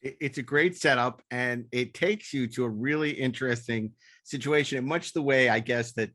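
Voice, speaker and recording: A man co-hosting a podcast at a plain middle pitch, chatting enthusiastically. He breaks into laughter often. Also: moderate pace, sharp tone. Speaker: podcast co-host. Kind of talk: casual chat.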